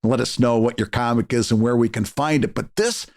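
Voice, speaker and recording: A man's voice: mid-range voice, fairly quick, darkish tone. A man co-hosting a casual podcast, stumbling over his words and laughing easily. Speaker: podcast co-host. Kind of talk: casual chat.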